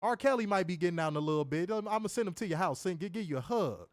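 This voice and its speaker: A man co-hosting a wrestling review stream, answering viewer comments in casual, animated chat. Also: sits high, racing, no echo, studio quality. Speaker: wrestling show co-host.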